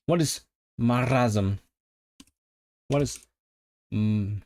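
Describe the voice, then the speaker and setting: A man's voice: medium pitch, lively intonation, moderate pace. A man streaming live, repeating sounds over and over as he practices rolled Rs and chats with viewers. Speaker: language-learning streamer. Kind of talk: casual livestream practice.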